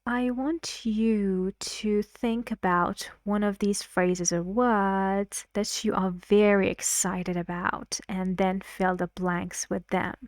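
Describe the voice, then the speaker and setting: Woman English teacher, young adult, unhurried and careful, models the stress in example lines; close, dry sound. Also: medium pitch, darkish tone, no echo. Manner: slow, careful explaining, acts out stressed words in example sentences. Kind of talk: recorded lesson explanation.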